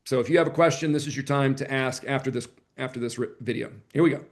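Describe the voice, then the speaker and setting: A man running a live online sales training, chatty and energetic, joking about himself as he coaches. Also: medium pitch, fast. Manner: energetic, chatty, self-deprecating. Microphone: computer mic on a video call.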